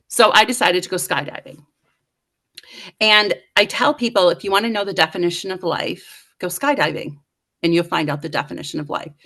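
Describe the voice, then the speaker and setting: Lively storytelling woman. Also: on the low side, moderate pace. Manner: lively, self-mocking, acts out voices. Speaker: guest. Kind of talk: animated storytelling.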